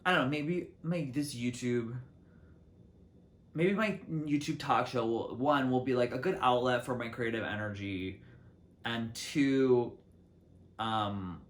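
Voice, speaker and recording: A young man hosting his own solo talk show, rambling casually to the camera from his city apartment with lots of fillers and restarts. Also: unhurried. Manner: chatty, lots of "like" and restarts, lively swings in pitch and loudness. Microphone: camera mic.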